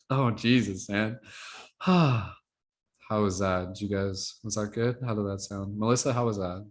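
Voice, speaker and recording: A man's voice: on the low side, moderate pace. A man hosting a workshop on a video call, chatting casually and rambling with many filler words. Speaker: workshop host. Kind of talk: casual chat with a group.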